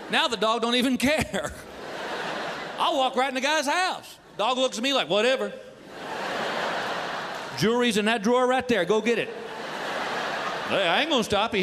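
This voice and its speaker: A male comedian spins a folksy stand-up story with loose, drawling asides. His voice sits high, and the live recording carries a long hall reverb and audible noise.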